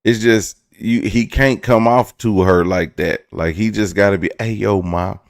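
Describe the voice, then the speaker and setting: A deep, gravelly-voiced young man tells a rambling story straight into a close mic in a dry room. He jokes loosely and slips into little impressions as he goes. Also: unhurried, no echo. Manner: loose and joking, breaks into laughs, mimics voices. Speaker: vlog host. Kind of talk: casual storytime commentary.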